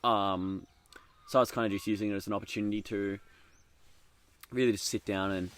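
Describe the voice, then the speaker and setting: Male podcast co-host, mid-pitch, easygoing storyteller who rambles and chuckles outdoors. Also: steady tone, fairly quick, a bit bright, no room sound. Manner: rambling, lots of ums and laughs. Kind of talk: casual chat. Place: outdoors in the bush.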